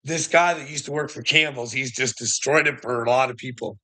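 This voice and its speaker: A man's voice: medium pitch, fairly quick, pushed and bright. A middle-aged man telling a heated, profane story in a casual vlog rant, laughing often between lines. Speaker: vlogger.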